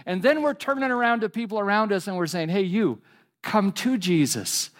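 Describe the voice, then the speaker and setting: A pastor preaching a sermon, earnest and animated, dropping to soft pleading repetitions. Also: male voice, sits high, fast talker.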